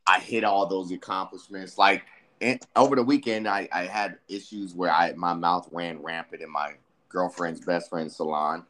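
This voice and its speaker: A man's voice: low-pitched, steady tone, moderate pace, a bit bright. A man in casual conversation, telling stories with lots of energy and acting out the voices of himself and his friends. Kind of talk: casual storytelling chat.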